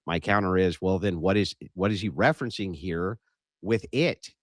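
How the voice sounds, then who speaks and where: A man's voice: low-pitched, moderate pace, dry recording. A man arguing bluntly in a heated online debate, pressing his point and cutting in. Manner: blunt, combative, interrupts.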